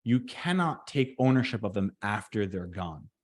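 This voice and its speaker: A man co-hosting a casual podcast, an electrician who talks in a deliberate, reflective way and slows down on purpose to make a point. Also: fairly low pitch, lively intonation. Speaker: podcast co-host.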